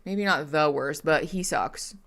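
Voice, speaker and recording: A woman's voice: low-pitched, unhurried, background noise. A woman streamer giving live reaction commentary on a reality show, ranting with profanity and sarcasm.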